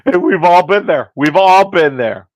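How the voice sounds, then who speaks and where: A man's voice: high-pitched, animated, unhurried, no room sound. A man hosting a podcast and working as a hairstylist, telling stories in casual chat and acting out the dialogue in them. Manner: storytelling, acting out quoted dialogue.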